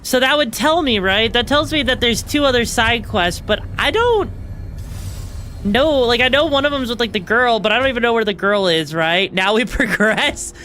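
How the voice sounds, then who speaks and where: A young woman streaming a video game, reacting excitedly, swearing freely and tossing in fillers and tag questions. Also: a little high, moderate pace, slight background noise. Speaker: VTuber streamer. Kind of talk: live gameplay commentary.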